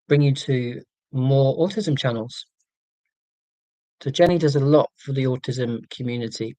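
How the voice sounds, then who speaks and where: A Scottish man hosts a casual livestream, chatting to viewers in a rambling way full of ums and restarts. His voice is mid-range with a darkish tone, and the recording is dry.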